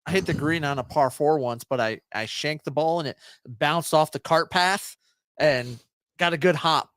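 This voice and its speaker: A man co-hosting a casual podcast, chiming in with short, relaxed golf anecdotes. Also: on the high side, moderate pace, no echo. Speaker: podcast co-host. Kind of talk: casual chat.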